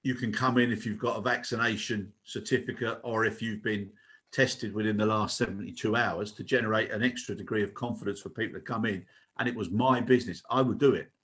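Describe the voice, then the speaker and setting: A man's voice: fairly low pitch, steady tone, fairly quick, fairly bright tone, slightly rough. An older man co-hosting a podcast, chatting earnestly and making his case. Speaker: co-host. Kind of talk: casual podcast chat.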